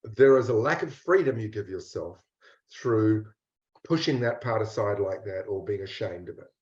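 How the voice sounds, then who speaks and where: A man working as a mindset coach, leading a slow, intimate guided reflection with repeated phrases and some blunt words. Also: on the low side, animated, darkish tone. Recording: roomy dull lo-fi recording.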